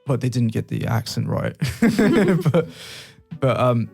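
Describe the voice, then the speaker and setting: A man's voice: mid-range voice, very animated, slow, vocal fry, darkish tone, slightly rough, faint music behind. A British man from England co-hosting a podcast, telling stories in casual chat with frequent laughter and asides. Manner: laughs often, storytelling with asides. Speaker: podcast co-host.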